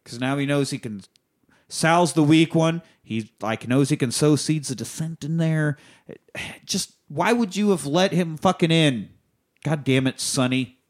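A man's voice: fairly high pitch, a little slow. A man hosting a podcast who recaps a movie in a loose, profane, rambling way. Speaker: podcast host.

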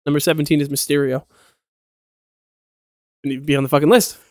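A man's voice: fairly high pitch, little pitch movement, brisk, darkish tone, no room sound, studio quality. A young man co-hosting a podcast in casual chat, blunt and swearing often. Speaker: podcast co-host.

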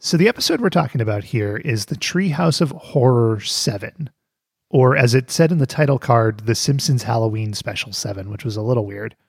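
A man's voice: mid-range voice, expressive, brisk, creaky, breathy edge, no room sound, studio quality. A man co-hosting a podcast, chatting casually and cracking jokes. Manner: joking, playful, laughs often. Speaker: podcast co-host. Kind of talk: casual chat.

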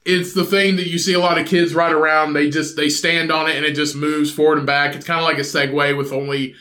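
A high-pitched man with a bright, tense voice rambles through crude podcast banter, swearing freely and slipping into put-on voices for his bits. He sounds like he's in an echoey room. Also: little pitch movement, fairly quick. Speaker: podcast co-host. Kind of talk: crude casual chat.

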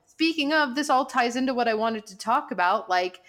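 A woman co-hosting a podcast in casual chat, talking fast and loose with lots of "like" and frequent laughter. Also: fairly high pitch, expressive, a bit bright. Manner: chatty, laughs often, says "like" a lot. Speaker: podcast co-host.

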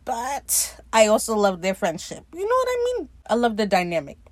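A woman's voice: fairly high pitch, huge pitch swings, moderate pace, dry recording. A woman hosting a casual podcast, recapping a TV episode in a chatty, profane way with frequent laughs. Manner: chatty, swears freely, laughs often.

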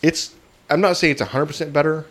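A man's voice: a little high, steady tone, fast talker, a bit bright. A man co-hosting a casual beer-review chat, telling stories and laughing often. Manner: chatty, storytelling, laughs often. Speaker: podcast co-host.

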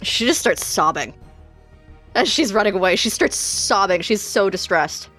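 Expressive woman narrating her character. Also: medium pitch, moderate pace, soft background music. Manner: animated, expressive storytelling. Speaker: player.

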